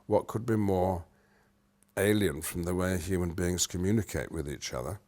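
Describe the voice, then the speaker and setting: A British actor, now older, explains himself during an interview at a moderate pace and in a low register. He moves animatedly between loud and soft passages, humming rhythms running through his speech.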